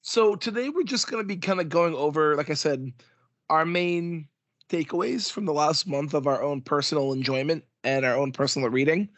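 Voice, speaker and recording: Man, podcast host, slightly strained voice, fairly high, dry sound. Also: normal speed, fairly bright tone, dry recording. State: strained voice from yelling. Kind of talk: casual podcast chat.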